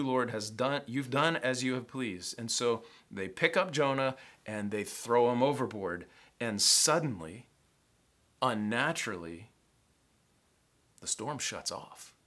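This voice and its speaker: A pastor preaching a sermon in a church sanctuary, a man with a Southern American accent who acts out scenes in an animated way. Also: mid-range voice. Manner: animated, acts out the sailors' panic in a raised voice.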